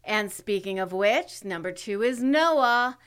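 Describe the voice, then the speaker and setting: Woman, middle-aged, podcast co-host; playful, teasing, bright and lively delivery. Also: medium pitch, takes it slowly, clear, resonant tone. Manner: playful, teasing, laughs often. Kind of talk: casual chat.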